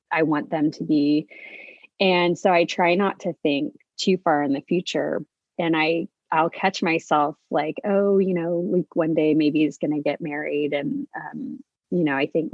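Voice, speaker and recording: Low-voiced woman sharing her story. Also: dry recording. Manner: earnest, reflective, speaks in halting restarts. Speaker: podcast guest. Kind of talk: conversational interview. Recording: dull, slightly lo-fi dry audio.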